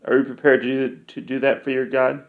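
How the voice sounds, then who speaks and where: A man's voice: mid-range voice, flat delivery, lightly acted. A man reading as a grave pilgrim prophet. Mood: solemn. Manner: measured, grave pronouncements. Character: calm, solemn male pilgrim prophet. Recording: dull lo-fi recording.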